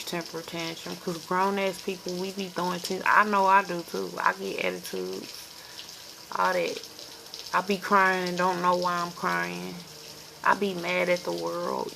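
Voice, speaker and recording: Gravelly woman in her forties, sizzling noise. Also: mid-range voice. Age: 40s. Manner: candid, profane, repeats "you feel me". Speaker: intuitive card reader. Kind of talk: casual spiritual vlog.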